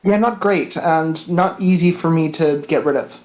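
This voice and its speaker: Hesitant man with a higher voice. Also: normal speed, a little mellow, rough recording. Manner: hesitant, many ums. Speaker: player. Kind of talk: casual tabletop play online.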